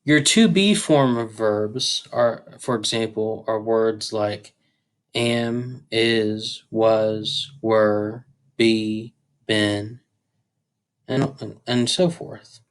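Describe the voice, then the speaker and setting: A man teaching a grammar tutorial, explaining step by step with a few fillers. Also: lowish voice. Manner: slow, deliberate explaining with occasional fillers.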